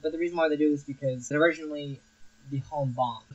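A man's voice: on the high side, steady tone, fast, lo-fi sound. Rambling young man reviewing a film. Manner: rambling, many restarts and fillers. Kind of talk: casual film review monologue.

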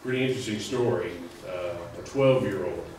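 A man's voice: on the low side, a little fast, darkish tone, a little hiss or hum. A man preaching a sermon in a loose, conversational way, full of fillers and restarts. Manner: conversational, rambling with many fillers. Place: church sanctuary. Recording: echoey hall, mic at a distance.

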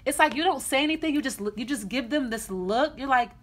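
A woman's voice: sits high, lively intonation, a little fast, fairly bright tone. A woman giving a casual tarot reading in a blunt, chatty way, often restarting her sentences. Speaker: tarot reader.

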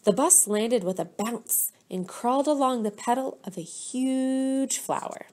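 Slow-reading woman teacher. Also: fairly high pitch. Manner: slow, gentle, pauses to quiz children. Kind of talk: reading a picture book aloud to children.

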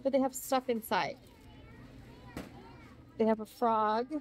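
Young woman vlogger, bubbly and excitable, talking through a shopping walk-through in a large store. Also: on the high side, takes it slowly, a little hiss or hum. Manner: gushing, gasping with delight. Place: inside a large retail store.

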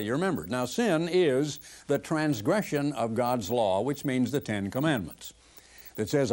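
A man's voice: mid-range voice, animated, moderate pace, darkish tone. An older man giving a televised sermon in an earnest, conversational preaching manner.

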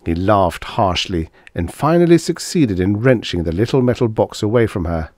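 A man reading vintage science fiction aloud as an audiobook narrator, with expressive, dramatic storytelling. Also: fairly low pitch, unhurried, no echo, studio quality.

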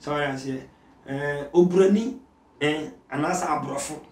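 A man with a Ghanaian accent, speaking as a prophet guest who prays and preaches in an interview, at times shouting. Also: fairly high pitch, normal speed, roomy sound, distant mic.

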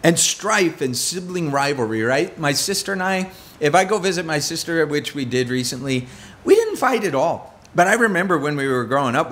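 A man's voice: mid-range voice, a bit bright. A middle-aged man preaching a conversational sermon as pastor, telling stories with self-deprecating humor.

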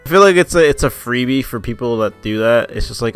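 A young man rants into his camera in a casual vlog, swearing freely and sneering sarcastically at his subject. His voice is bright and sharp, at an ordinary pitch for a man. A faint bed of music plays underneath. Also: expressive, fast, smooth. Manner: profane, sarcastic, mocking. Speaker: YouTuber.

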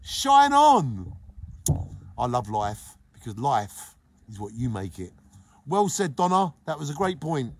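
A middle-aged man from England hosting a live stream, greeting viewers by name in an exuberant, sing-song way that swings between loud and hushed. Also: mid-range voice, normal speed, husky. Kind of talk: casual live-stream chat, reading comments.

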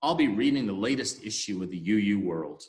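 A man's voice: lowish voice, animated, fairly quick, a little mellow, pitched below the performer's own voice, lightly acted. A man doing a matter-of-fact horse. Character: bookish horse. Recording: echoey room.

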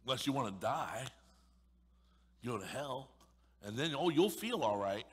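A male pastor preaching an emphatic, sarcastic sermon, swinging between loud pushes and sudden hushed asides. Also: mid-range voice, lively intonation, measured pace, slightly rough, in a large hall. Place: church sanctuary.

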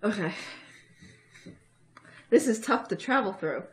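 Animated woman playing a tabletop game. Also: mid-range voice, slow. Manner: hesitant, many ums, laughs often. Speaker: player.

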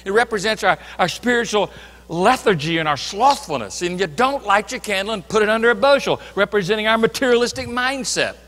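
High bright-voiced preacher in a big hall. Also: male voice, animated, a little fast. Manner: emphatic preaching, swinging from loud to hushed. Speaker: pastor. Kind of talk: sermon. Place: church sanctuary.

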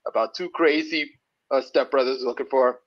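A man chats casually in halting stretches, stopping and restarting with plenty of fillers. The recording is dull and lo-fi, and he sits at an ordinary middle pitch. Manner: halting, many restarts and fillers, laughs at own jokes. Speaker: guest. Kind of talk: casual chat. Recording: dull lo-fi sound.

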